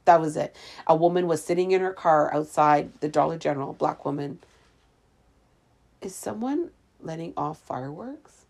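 A woman's voice: low voice, normal speed, gravelly, a little mellow. A woman from Canada chatting casually to camera in a sarcastic, ranting way, in a room with the windows open. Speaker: vlogger. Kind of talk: casual chat.

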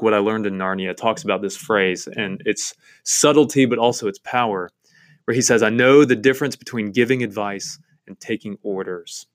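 In a devotional Bible-study talk about a novel, a man with a lowish voice sounds earnest and enthusiastic. He often uses fillers and restarts his sentences.

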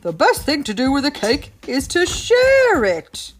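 A woman's voice: high-pitched, wildly swooping pitch, measured pace, over music, pitched above the performer's own voice, exaggerated voice. A woman voicing a jolly father pig in a storybook read aloud. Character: cheerful daddy pig.

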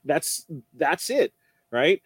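Emphatic man, voice a bit high. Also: big pitch swings, drawn-out words, breathy edge, dry recording. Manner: emphatic, repeats his points. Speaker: podcast co-host. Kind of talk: casual chat.

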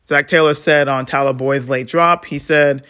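A man's voice: on the high side, pushed and bright. Frustrated man ranting on a podcast. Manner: frustrated, swings between muttering and heated outbursts; blunt, swears freely. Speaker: podcast host. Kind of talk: solo sports podcast rant.

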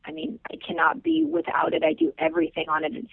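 On a tinny phone line, a woman guest who owns a business tells her story on a podcast with passion and emphatic repetition. Her very high, gravelly voice holds a steady tone at a quick pace. The recording is dry, with no room sound around it.

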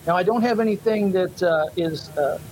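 A man's voice: high voice, normal speed, a little mellow, a little hiss or hum, poor audio. A man co-hosting a casual chat show, rambling and hesitant with many fillers. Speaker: podcast co-host.

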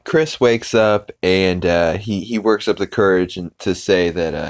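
A man with a very low voice casually recaps a cartoon episode for his podcast. He rambles and stops and starts, slipping into quick impressions of the characters as he goes. He is recorded close up in a dead, dry space. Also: no room sound. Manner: rambling, halting retelling that loosely acts out characters' lines. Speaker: podcast host.

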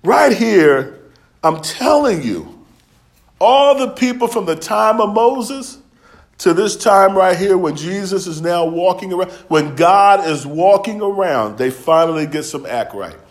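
A man with a high, expressive voice preaches a sermon at a measured pace. He tells stories loosely and conversationally, using dialect and laughing along the way.

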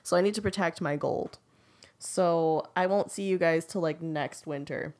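A woman's voice: low-pitched, normal speed, darkish tone. A young woman casually retelling a fairy tale to a friend, rambling with many fillers and often laughing. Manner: giggly, rambling with frequent likes and ums. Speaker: storyteller.

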